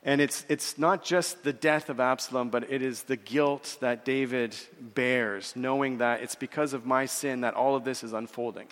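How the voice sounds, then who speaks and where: A man preaching a sermon in an earnest way, repeating words and slowing down when he quotes scripture. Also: medium pitch, fairly even intonation, fairly bright tone, in a large hall. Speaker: pastor.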